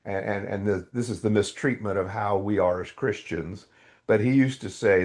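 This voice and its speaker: As a guest on a podcast, a middle-aged man candidly testifies about his faith in an interview, acting out outbursts from his past. His voice is fairly low and a little mellow, at a moderate pace.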